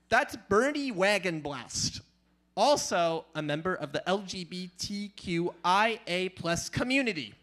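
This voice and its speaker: An animated man on a small club stage telling comic stories, playful and loud. His voice is high and bright and swings widely. He throws in lively asides. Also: normal speed. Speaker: storyteller, comedian. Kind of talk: live stand-up storytelling.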